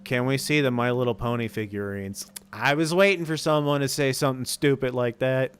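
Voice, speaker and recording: A man's voice: mid-range voice, brisk, clean tone. A man streaming casually, bantering with his chat and joking at his own expense.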